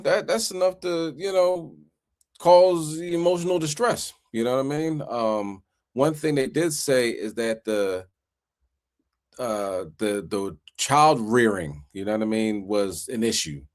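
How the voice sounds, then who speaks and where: A man's voice: medium pitch, unhurried. A man teaching a casual Bible class in a conversational way, often asking "you know what I mean" and acting out quoted voices. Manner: animated, acts out quoted voices.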